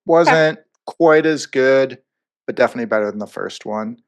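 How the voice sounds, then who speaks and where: A man's voice: medium pitch, moderate pace. Rambling male podcast co-host. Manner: rambling, animated, lots of fillers. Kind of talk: casual review chat.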